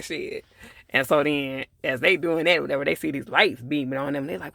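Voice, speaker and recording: A man's voice: fairly high pitch, normal speed, vocal fry, bright, forceful tone. A man casually recapping a TV episode in a rambling, easygoing way, with plenty of fillers and laughing at the characters. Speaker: TV episode reviewer.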